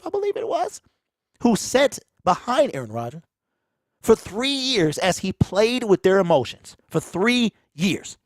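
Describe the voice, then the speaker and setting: Animated, high-pitched sports host ranting. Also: male voice, no room sound, studio quality. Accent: Michigan. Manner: animated, preachy, repeats phrases for emphasis. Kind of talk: casual sports commentary rant. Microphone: close mic, pops on plosives.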